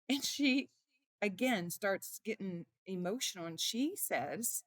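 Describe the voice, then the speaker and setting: A middle-aged woman, a mother and author, telling heartfelt stories in an interview with animated feeling. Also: medium pitch, unhurried, no room sound, studio quality. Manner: emotional, animated storytelling. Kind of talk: conversational interview storytelling.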